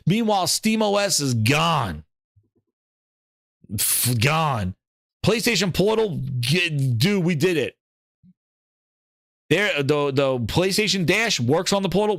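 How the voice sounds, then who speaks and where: A man's voice: a little high, takes it slowly, vocal fry, pauses often, no echo, clean studio sound. A man hosting a gaming podcast, ranting sarcastically and swearing freely in casual commentary. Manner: profane, sarcastic, animated. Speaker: podcast host.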